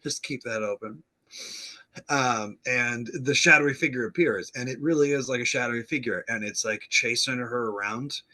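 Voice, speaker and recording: A man's voice: medium pitch, moderate pace, few pauses, bright, forceful tone. A male podcast host chattily recapping an episode, laughing often and acting out the characters' lines.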